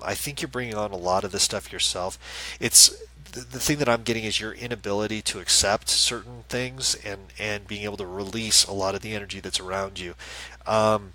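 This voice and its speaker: A man's voice: fairly low pitch, bright, forceful tone, low-quality recording. A man hosting a live-stream as a psychic medium, chatting casually and reassuringly, with many fillers and restarts. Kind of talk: casual live-stream chat, reading viewer questions.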